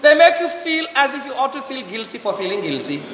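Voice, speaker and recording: High bright-voiced man preaching in an echoey hall. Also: sing-song, a little hiss or hum. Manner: repeats rhetorical questions and slow emphatic commands. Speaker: priest. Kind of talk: sermon.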